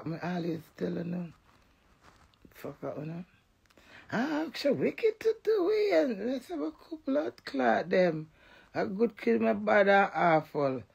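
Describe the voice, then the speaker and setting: Gravelly Jamaican woman ranting defiantly. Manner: defiant and boastful, swinging between loud outbursts and low mutters. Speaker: vlogger. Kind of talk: emotional direct-to-camera rant.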